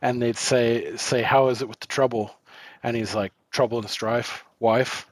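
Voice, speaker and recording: A man's voice: mid-range voice, steady tone, a little slow, breathy edge, no room sound. A man co-hosting a film podcast, rambling casually with lots of fillers and swearing. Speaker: podcast co-host.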